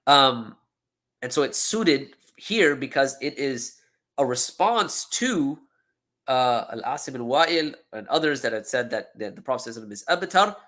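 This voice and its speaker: Bright-voiced man lecturing, checking in often. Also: mid-range voice. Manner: explanatory, checks in with frequent "okay?" and "right?"; repeats words for emphasis, self-corrects mid-sentence. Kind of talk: classroom lecture on scripture.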